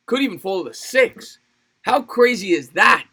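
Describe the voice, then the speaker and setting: Guy doing play-by-play on a stream, bright punchy voice, kinda high, keeps chatting w/ chat between plays. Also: normal speed, breathy edge. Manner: energetic, laughs often, reads viewer comments aloud. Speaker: livestream sports play-by-play host. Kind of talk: play-by-play commentary mixed with live chat replies.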